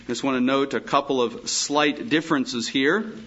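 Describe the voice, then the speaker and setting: A male pastor preaching a Bible teaching sermon, reading scripture slowly and breaking off for emphatic asides. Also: mid-range voice, a bit bright, highs cut off, slight background noise.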